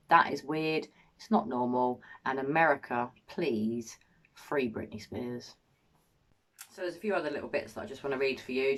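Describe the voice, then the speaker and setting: A woman hosting a commentary channel, reading a statement aloud and reacting with emotional indignation. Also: extremely low pitch. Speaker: commentary host.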